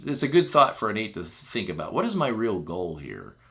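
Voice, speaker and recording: A man's voice: on the low side, brisk, creaky. A man teaching as a personal growth coach in a chatty, conversational way, often checking in with the listener. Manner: chatty, asks the listener "right?"; acts out example phrases in lively voices. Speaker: relationship coach.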